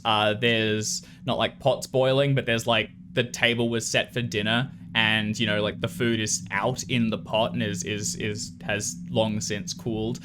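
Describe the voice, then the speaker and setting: A man narrating as game master of a tabletop horror game, unhurried and halting with fillers. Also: fairly low pitch, a bit bright, a little hiss or hum.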